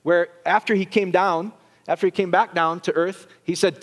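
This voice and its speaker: Animated preacher in a reverberant church. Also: male voice, high voice, brisk. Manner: animated, joking with the congregation. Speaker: pastor. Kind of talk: sermon. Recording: long reverb of a church hall.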